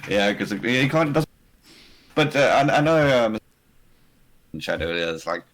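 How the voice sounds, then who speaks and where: Casting: very low-voiced South African man, casual stream guest, halting and chuckly. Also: animated, fairly bright tone, poor audio. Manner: hesitant, restarts sentences, laughs often.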